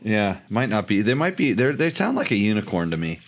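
Low-voiced rambling male podcast host. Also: sing-song, slight background noise. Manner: rambling, halting, many restarts. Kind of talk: casual chat about motorcycles.

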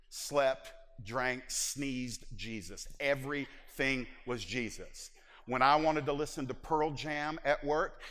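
A middle-aged man preaching a personal testimony in church, moving from hushed confession to loud exhortation. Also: medium pitch. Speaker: preacher giving his testimony. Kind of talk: sermon testimony. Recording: long hall reverb.

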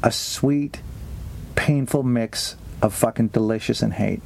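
A man's voice: medium pitch, unhurried, vocal fry, darkish tone, slight background noise. A man around forty co-hosting a comedy podcast, ranting in mock fury with lots of swearing and laughter. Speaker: podcast co-host. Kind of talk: profane comedic banter.

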